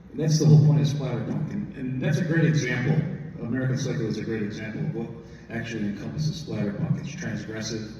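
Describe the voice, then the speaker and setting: A man's voice: medium pitch, fairly even intonation, fast talker, mellow, a little hiss or hum. A man moderating a live Q&A on a theater stage, earnest and opinionated. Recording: echoey theater hall, far off, dull sound.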